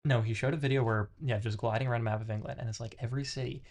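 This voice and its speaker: A man's voice: mid-range voice, steady tone, racing, a little mellow. Laid-back man reading dense philosophy aloud. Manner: laughs often, stumbles over hard words. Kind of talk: casual chat and reading aloud.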